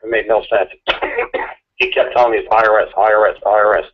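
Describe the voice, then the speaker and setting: A man's voice: lowish voice, little pitch movement. Argumentative man ranting over a phone line. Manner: rapid, repetitive, mocking, argumentative. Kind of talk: impassioned ranting chat.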